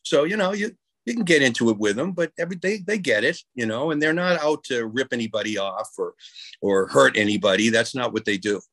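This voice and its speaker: A man's voice: medium pitch, expressive, a little fast, a bit bright, no echo. Rambling storyteller man, dry sound. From New York. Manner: rambling anecdotes with many restarts. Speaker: guest musician. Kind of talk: casual interview storytelling.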